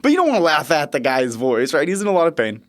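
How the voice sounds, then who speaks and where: A man in his thirties, a podcast host and nurse, telling a story in a lively, chuckling way. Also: fairly high pitch, fast. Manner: lively, chuckling, animated retelling. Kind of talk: casual storytelling.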